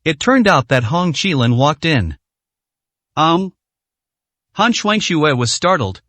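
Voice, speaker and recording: A man narrating a translated web novel story, reading every character's lines in the same steady narrating voice. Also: on the high side, takes it slowly, pauses often, dry recording.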